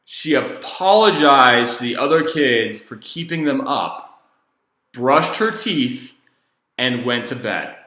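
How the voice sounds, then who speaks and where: A man, a former treatment counselor, telling a personal story in a casual, rambling, animated way. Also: mid-range voice, slow, echoey room.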